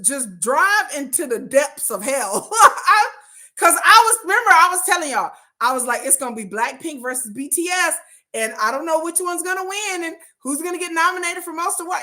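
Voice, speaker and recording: A woman, chatting casually with viewers on her livestream, laughing often and jumping high in pitch when excited. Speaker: livestream host.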